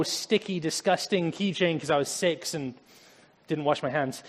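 Man preaching in a reverberant hall. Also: a little high. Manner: personal anecdotes, casual asides. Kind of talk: conversational sermon.

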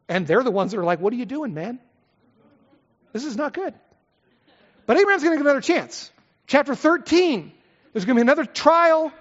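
A middle-aged man preaches in a chatty, expressive way, tossing out rhetorical questions and side remarks. His pitch rises and falls freely. The sound carries a long church-hall echo and is a little dull. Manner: lively, conversational preaching with asides and rhetorical questions. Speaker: pastor. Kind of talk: expository sermon.

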